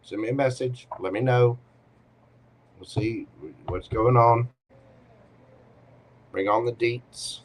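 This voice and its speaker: A man's voice: medium pitch, slow pace, long pauses. A man hosting a live tarot Q&A, giving readings in a playful, teasing way with short punchy commands.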